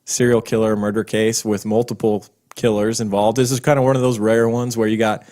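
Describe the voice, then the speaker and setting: A man's voice: lowish voice, little pitch movement, a little fast, warm tone. Rambling, swearing male podcast co-host. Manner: rambling, swears, laughs a lot, drops into a put-on Australian accent. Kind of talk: casual chat.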